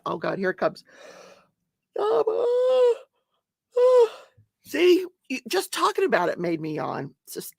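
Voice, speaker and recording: Chatty older woman, gravelly voice. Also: medium pitch, fairly bright tone, dry recording, clean studio sound. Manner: chatty, greets viewers by name, laughs often. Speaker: livestream host. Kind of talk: casual livestream chat. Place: at home.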